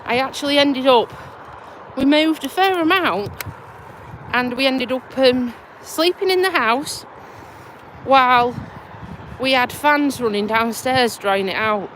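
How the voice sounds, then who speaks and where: A woman's voice: high voice, slow pace, fairly bright tone, slight background noise. A woman with a Lincolnshire accent chatting bluntly on a live stream while walking outdoors, out of breath and stuffy with a cold. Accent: Lincolnshire English. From Lincolnshire, England. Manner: chatty and blunt, swears casually. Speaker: vlogger and community nurse. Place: outdoors by a tidal river bridge.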